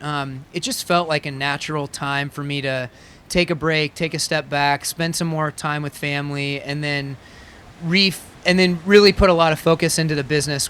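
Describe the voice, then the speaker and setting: A pro triathlete in his thirties is the guest in a casual interview, talking in an easygoing way with frequent fillers and laughs. His voice is on the high side and a bit bright, with a clean tone.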